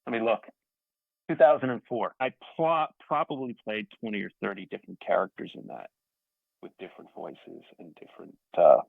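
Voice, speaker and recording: A man's voice: lowish voice, normal speed, creaky, breathy edge, dry recording. A man from Staten Island, New York, a guest actor, telling rambling, self-deprecating stories in a casual interview over a remote call. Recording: tinny phone-like dry audio.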